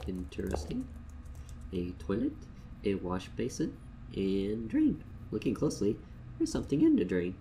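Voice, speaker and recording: A man giving casual, joking game commentary, swinging between mumbles and loud outbursts. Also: on the low side, wildly swooping pitch, moderate pace, vocal fry, heavy background noise. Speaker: let's play gamer.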